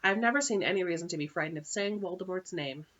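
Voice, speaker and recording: Gentle old male wizard headmaster, a woman reading, calm and slow; muffled lo-fi sound. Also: fairly low pitch.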